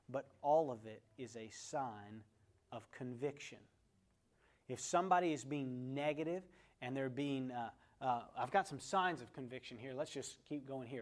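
In a mid-range voice, a man teaches a conversational Bible lesson, telling a story before putting questions to the class and calling on people by name.

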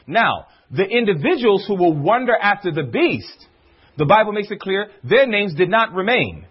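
Husky, lively man preaching a sermon. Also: high voice. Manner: animated preaching, rhetorical questions, drawn-out emphasis. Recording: dull lo-fi recording.

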